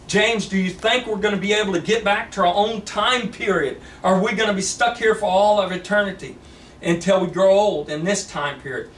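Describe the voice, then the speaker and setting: A man's voice: sits high, normal speed, fairly bright tone, slight background noise. Guy doing a sweet young woman, tender and pleading, echoey and far off. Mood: worried.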